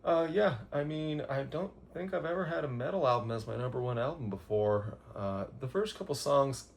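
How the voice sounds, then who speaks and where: A man's voice: medium pitch, animated, brisk, vocal fry. Rambling man gushing about albums. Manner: rambling, gushing, many fillers and chuckles. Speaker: music vlogger. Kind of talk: casual album countdown.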